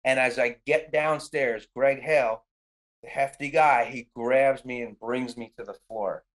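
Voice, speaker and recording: A man's voice: medium pitch, measured pace. A middle-aged man casually recounting a film shoot in a podcast interview, acting out his own quotes with lots of "like". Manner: animated storyteller, acts out quotes, frequent "like".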